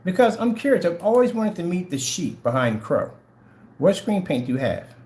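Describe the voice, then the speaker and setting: A man's voice: high-pitched, very animated, normal speed, a little mellow. A man hosting a livestream, confronting viewers in a taunting way and repeating the same challenging questions over and over. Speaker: channel host.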